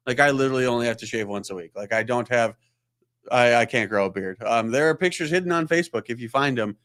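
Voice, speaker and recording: A man who is a chiropractor hosts a live show and tells a rambling, self-deprecating story in casual chat, acting out the voices of people he quotes. His voice is mid-range with a fairly bright tone.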